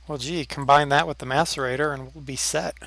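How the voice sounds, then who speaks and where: A man's voice: fairly high pitch, steady tone, fairly quick, creaky, a bit bright, no room sound, low-quality recording. A man hosting a let's play, chatting casually while playing and sometimes dropping to a near whisper as he concentrates. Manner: drops to a near whisper while focused on the game. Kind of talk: casual gameplay chat.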